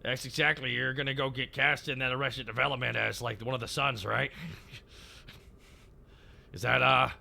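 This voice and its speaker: A man doing an impression of a folksy middle-aged handyman who hosts a lodge, with a slow, rambling drawl full of uhs. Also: mid-range voice, fairly even intonation, creaky, pushed and bright, pitched below the performer's own voice, full character voice.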